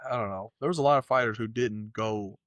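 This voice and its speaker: A man's voice: lowish voice, fast talker, fairly bright tone, no echo, clean studio sound. A man co-hosting a fight podcast in casual chat, loose and profane, rambling through his takes. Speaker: podcast co-host.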